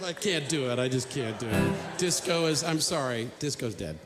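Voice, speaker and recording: A man's voice: mid-range voice, expressive, normal speed. A male singer-songwriter on a live stage, telling rambling jokes between songs. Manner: rambling, joking storyteller. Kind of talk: comic concert patter between songs. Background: acoustic guitar.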